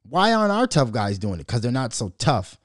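A man hosting a podcast, ranting loudly and profanely in casual commentary, mocking and joking as he goes. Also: medium pitch, a little fast, no room sound, studio quality. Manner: profane, loud, mocking, animated. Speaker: podcast host.

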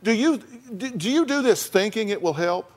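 Man, talk show host, fairly high voice, blunt, emphatic, folksy, repeats words. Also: animated, moderate pace. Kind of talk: confrontational on-stage counseling.

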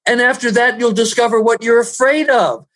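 A man who works as a personal growth trainer, telling stories in an interview, animated and rising loud at the dramatic moments. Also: very high-pitched, normal speed. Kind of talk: storytelling in an interview.

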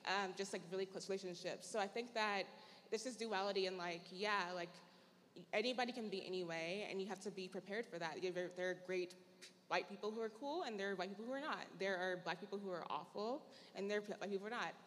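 A woman's voice: medium pitch, fast, a bit bright. A young woman from Tennessee, a panelist telling her story in a casual, chatty, reflective way. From Tennessee, USA. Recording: long hall reverb.

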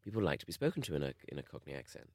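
A man's voice: very fast, no room sound, studio quality. A man co-hosting a podcast in casual chat, telling stories with big swings in his voice. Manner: animated storytelling with big pitch swings. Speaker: podcast co-host.

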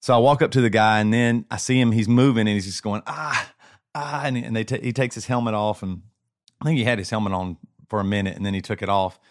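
A man with a lowish voice recounts what happened to him in an unsettled, stop-start way, often circling back over his own words. His speech is casual and close to the mic, with a dry sound and almost no room around it. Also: fairly even intonation, no room sound. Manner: shaken, halting, many restarts and repeats. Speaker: podcast co-host. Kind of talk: casual chat, personal story.

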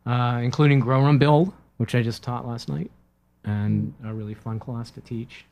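An older man from Massachusetts who speaks bluntly and explains things plainly. His voice sits at an ordinary middle pitch, and he talks as a guest in a casual radio chat. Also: steady tone, normal speed, muffled recording. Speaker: guest, cannabis business owner and teacher.

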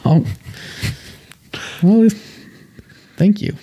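A man's voice: high-pitched, expressive, very slow, breathy edge, highs cut off. A man co-hosting a casual podcast, joking around and egging his friends on. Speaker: podcast co-host. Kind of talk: casual chat.

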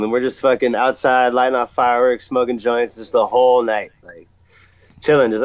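Laid-back slangy skater dude. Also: male voice, medium pitch, flat delivery, fairly quick, no room sound. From San Diego. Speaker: podcast guest, pro skateboarder. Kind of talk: casual storytelling chat.

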